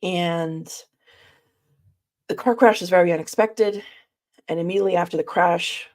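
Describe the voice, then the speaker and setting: A woman presenting a reflective spiritual study talk, speaking in a measured way and addressing her listeners directly. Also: lowish voice, darkish tone.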